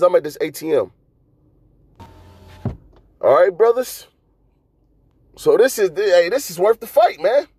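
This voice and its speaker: A man preaching casually to his brothers while driving, exhorting them with many fillers and a repeated "man", and reading scripture aloud in slow phrases. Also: high voice, a little mellow, dry recording. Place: inside a car.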